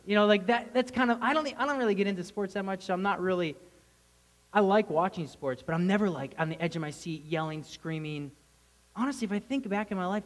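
A man preaching a casual, conversational sermon to a congregation, bursting into excited shouts. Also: high voice, poor audio.

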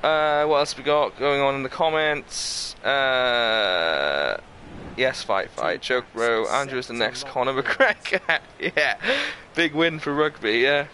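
Telling a long, meandering story to camera, a channel host in his twenties chats casually and laughs as he goes. His medium-pitched voice moves slowly, and steady background noise runs underneath.

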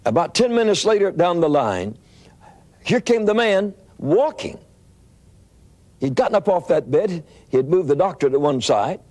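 An older male preacher tells a story from the pulpit, his pitch rising and falling in lively swoops. He talks in an animated, rambling way, often stumbling and restarting his phrases. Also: normal speed. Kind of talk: storytelling sermon.

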